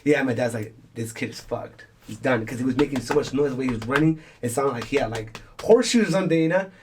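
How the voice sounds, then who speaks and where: A man's voice: medium pitch, animated, fast talker, background noise. A young man hosting a casual podcast, telling a rambling, swear-filled story and acting out the people in it. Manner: rambling, swearing, acts out quoted voices. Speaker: podcast host.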